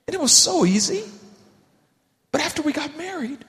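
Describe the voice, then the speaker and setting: Male pastor, lively swooping delivery, jokey sermon style, reverberant church hall. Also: very high-pitched, normal speed. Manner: animated, acts out voices for humor.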